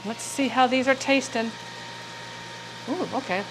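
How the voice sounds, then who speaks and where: Middle-aged lady hosting a home cooking stream, kinda high voice, chatty and rambling, pan sizzling quietly in the back. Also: unhurried, background noise. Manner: rambling, warm storytelling with frequent asides to viewers. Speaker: cooking show host. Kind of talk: chatty live cooking demonstration. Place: home kitchen. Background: sizzling frying pan.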